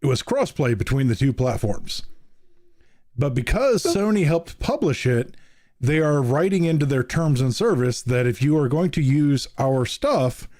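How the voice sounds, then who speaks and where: A man's voice: medium pitch, measured pace, no room sound, studio quality. Easygoing man hosting a podcast. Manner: relaxed, steers the talk to topics. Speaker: podcast host. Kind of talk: casual chat.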